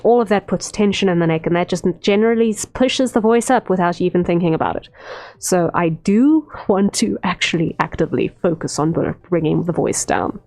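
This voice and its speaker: A woman's voice: mid-range voice, darkish tone. A woman streamer chatting casually while drawing, rambling with lots of "um" fillers. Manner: unhurried, rambling, many "um" fillers. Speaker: streamer, VTuber artist. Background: faint stream music.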